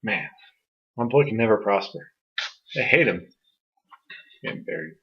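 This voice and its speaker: A man's voice: mid-range voice, animated, measured pace, dull audio. Laid-back joking young man co-host. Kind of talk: casual chat.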